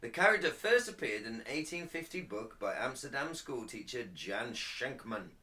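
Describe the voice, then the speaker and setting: Man, podcast co-host, lively voice, bright tone, a little far from the mic. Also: medium pitch, normal speed. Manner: laughs often, stumbles over foreign words. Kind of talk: casual banter, reading notes aloud.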